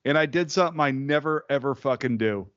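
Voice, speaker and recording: A man's voice: mid-range voice, fairly quick, fairly bright tone, dull audio. A man co-hosting a casual podcast, telling stories and laughing often between lines. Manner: anecdotal storytelling, laughs often. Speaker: podcast co-host. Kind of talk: casual profane podcast banter.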